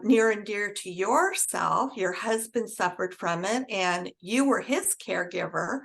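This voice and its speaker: A woman host puts questions to her guest at an unhurried pace. Her voice carries a gravelly texture, and her manner is measured and gently probing. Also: mid-range voice, rough recording. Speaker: talk show host. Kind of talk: interview.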